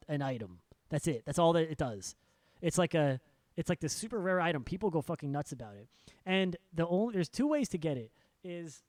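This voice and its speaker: A man's voice: on the high side, darkish tone, no echo. A young man co-hosting a podcast, ranting with exasperation and heavy swearing. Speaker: podcast co-host. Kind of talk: casual podcast rant. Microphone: studio podcast mic.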